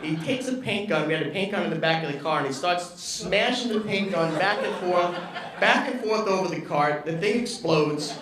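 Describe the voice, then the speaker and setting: A man telling comic stories at a retirement roast at a golf club, animated and acting out quotes. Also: high voice, normal speed, distant mic. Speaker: roast speaker, former assistant. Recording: echoey room with background noise.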